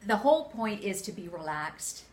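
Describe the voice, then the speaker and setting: A middle-aged woman co-hosting a business show, giving advice in a lively, laughing, coaching tone. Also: mid-range voice, normal speed, slight background noise. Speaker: co-host. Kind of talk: casual chat.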